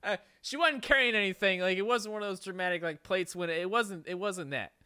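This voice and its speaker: A man's voice: high voice, fairly quick, pushed and bright, smooth, dry recording, studio quality. A man telling a story on a podcast in a casual, rambling way, swearing and laughing often. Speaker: podcast host. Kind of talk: casual chat.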